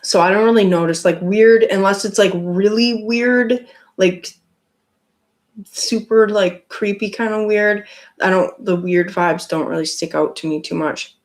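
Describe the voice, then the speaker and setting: A woman's voice: mid-range voice, steady tone, a little slow. Chatty Canadian woman streaming live. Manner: chatty, rambling, many likes and restarts. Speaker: livestream host. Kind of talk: casual live-stream chat with viewers.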